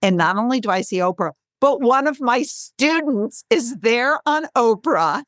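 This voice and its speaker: A woman in her sixties, a guest author, telling a lively story in a podcast interview and acting out the quotes. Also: a little high, measured pace, no echo, studio quality. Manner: lively, animated storyteller who acts out quotes.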